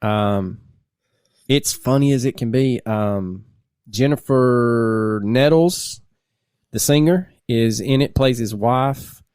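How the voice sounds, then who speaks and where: A man's voice: mid-range voice, slow, darkish tone, smooth, no room sound, clean studio sound. A man, a podcast co-host and teacher, telling stories casually and laughing through them. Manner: laid-back, laughs through his stories. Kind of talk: casual storytelling chat.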